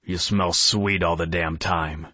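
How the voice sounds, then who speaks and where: A man voicing a blunt male werewolf who answers in terse, deadpan lines. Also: deep voice, slow, dry recording, heavily acted. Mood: grumbling. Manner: terse, dry deadpan replies.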